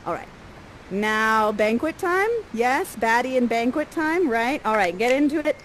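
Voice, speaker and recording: A woman directing a live Shakespeare performance, coaching the players and reading their lines softly. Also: fairly high pitch, a little slow, slight background noise, rough recording. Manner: animated, coaching, reads lines aloud in a soft voice. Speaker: theatre director coaching actors.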